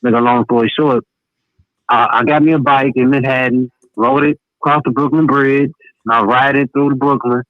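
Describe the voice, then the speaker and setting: A man's voice: mid-range voice, fairly even intonation, moderate pace, no room sound. A man from the American South with a Southern accent, a caller telling his police stories in a casual, profane way. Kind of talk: phone-in storytelling. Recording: dry tinny phone line.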